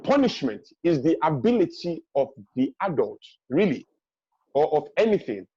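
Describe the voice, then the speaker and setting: In a husky, high-register voice with big pitch swings, a man speaks at normal speed as a webinar guest, delivering forceful, emphatic parenting advice. He hammers home each point by repeating it and acts out parents' lines. The video-call audio is dry, dull, and free of echo.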